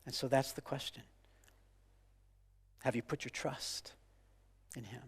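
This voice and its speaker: A man in his forties preaching a sermon with passion, repeating phrases and swinging from loud declarations to hushed, quiet lines. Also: medium pitch, steady tone, measured pace, husky, big-room sound. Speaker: pastor.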